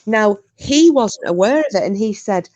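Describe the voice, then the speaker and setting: A chatty woman with a Northern English accent hosts an easygoing conversation and wanders through her stories, dropping in the odd casual swear. Her voice sits at a middling pitch and sounds close and dry, with no room around it. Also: animated, normal speed, a little mellow, dry recording, highs cut off. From Scotland. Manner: rambling storyteller, swears casually. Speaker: host. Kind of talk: casual chat.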